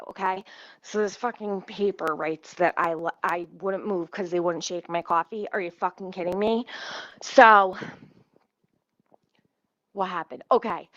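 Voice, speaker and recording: A woman's voice: medium pitch, a bit bright, no room sound. Profane woman ranting a storytime. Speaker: vlogger. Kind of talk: storytime rant. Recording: dull lo-fi dry sound.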